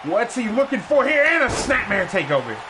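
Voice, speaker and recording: A man calling a wrestling match in excited play-by-play, often shouting. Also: very high voice, fairly quick. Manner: frequent shouting. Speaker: wrestling commentator. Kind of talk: excited play-by-play commentary on a game stream. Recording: crowd and noise behind.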